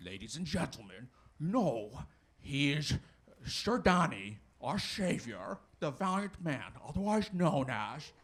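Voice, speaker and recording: A man's voice: a little high, sing-song, takes it slowly, husky, pitched below the performer's own voice, full character voice. A man voicing a pompous male announcer at a medieval fair, proclaiming grandly.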